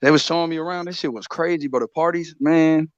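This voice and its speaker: Brief: easygoing American guy, slangy, quick, dry close recording. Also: fairly high pitch, steady tone, no room sound. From United States. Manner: laid-back storytelling, says bro a lot. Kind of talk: casual chat. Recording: dry, dull sound.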